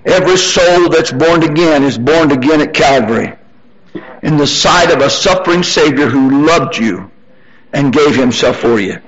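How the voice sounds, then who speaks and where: An older male preacher whose voice sits a little high and climbs higher as he presses his point. The recording is dull and lo-fi, like an old church tape. He hammers repeated phrases, then eases into softer storytelling. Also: normal speed. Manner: rising to high-pitched emphatic exhortation, then softer storytelling. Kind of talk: sermon.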